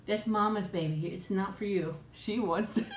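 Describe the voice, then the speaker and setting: A middle-aged woman chats casually through a live stream on her tablet at home. She laughs often and coos affectionately at her pet. Her voice sits at an ordinary middle pitch, and the room around her is noticeably echoey. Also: darkish tone, a little hiss or hum.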